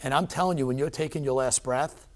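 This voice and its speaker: Speaking quickly at a medium pitch, a middle-aged interview guest shares something from his own life. His delivery is lively and emphatic, full of fillers and false starts.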